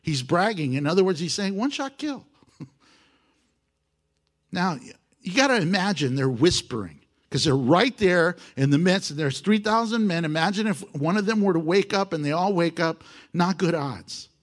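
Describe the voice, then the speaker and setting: A male pastor preaching a sermon in an animated, joking way, with playful sound effects. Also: high-pitched, moderate pace.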